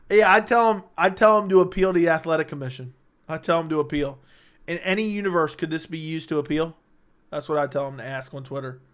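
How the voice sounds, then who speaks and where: A young man hosting a late-night casual livestream, bantering with his chat in a brash, profane, joking way. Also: on the high side. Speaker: livestream host.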